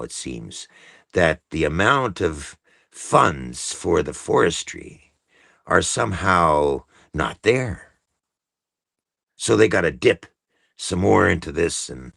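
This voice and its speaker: Casting note: man, deep, slow and swearing, exasperated livestream host. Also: gravelly, sharp tone, no room sound, clean studio sound. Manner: profane, exasperated and emphatic. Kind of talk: angry political rant.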